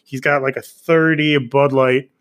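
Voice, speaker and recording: A man guesting on a comedy podcast, rambling through a story with restarts and quick impressions. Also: mid-range voice, fairly even intonation, a bit bright. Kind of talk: casual comedy podcast chat.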